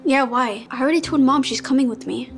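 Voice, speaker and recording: A woman's voice: high voice, fast talker, gravelly. An actress playing an insecure young woman who feels overshadowed by her sister, sulky and self-doubting, with music underneath. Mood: defensive.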